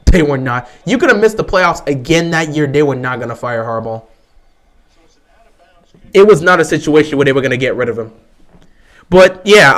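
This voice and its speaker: A man with a slightly higher-than-average voice hosts a casual fan livestream about football. He argues his opinions emphatically and repeats points to drive them home. Between his arguments he answers questions from viewers. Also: a bit bright. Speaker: livestream host.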